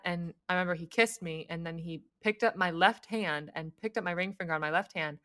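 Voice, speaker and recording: A young woman telling her own story in a casual podcast chat, animated and laughing often. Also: lowish voice, a little fast, few pauses, no room sound, clean studio sound.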